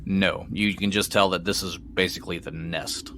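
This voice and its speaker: A man's voice: low voice, fairly even intonation, sharp tone, a little hiss or hum. A man running a tabletop game as game master, narrating in a laid-back way. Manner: slow, laid-back, laughs easily.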